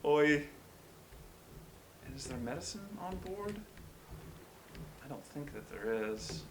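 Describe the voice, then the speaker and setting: A man talking through a video game as he plays, mostly murmured, self-deprecating musing that breaks into startled yelps. His voice sits at an ordinary middle pitch. Game ambience plays clearly underneath him. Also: big pitch swings, a little slow, background noise. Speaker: let's-play host. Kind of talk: gameplay commentary.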